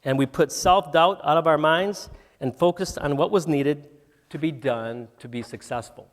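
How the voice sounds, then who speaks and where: A man's voice: on the high side, normal speed. Man telling stories in an echoing auditorium. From Michigan. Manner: anecdotal, with frequent fillers and restarts. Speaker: entrepreneur guest speaker. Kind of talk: storytelling lecture to students. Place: university auditorium. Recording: reverberant auditorium.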